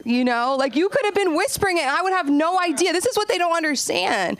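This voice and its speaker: A woman doing a stand-up comedy set, chatty and rambling, jumping her voice up high whenever she acts out a quote. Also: lively intonation, fast, hardly any pauses, no room sound. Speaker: stand-up comic and open mic host. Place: comedy club stage.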